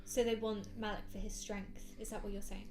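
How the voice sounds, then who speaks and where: A woman playing a tabletop game in casual chat, teasing and slow-spoken. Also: mid-range voice, flat delivery, darkish tone, soft background music. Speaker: player.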